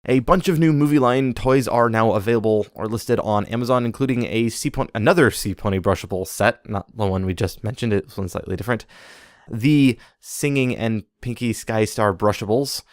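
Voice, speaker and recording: A man's voice: fairly low pitch, moderate pace, few pauses, dry recording, clean studio sound. A man co-hosting a podcast, running through toy news in a casual chat and slipping in puns. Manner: reads news items, jokey puns. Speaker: podcast co-host.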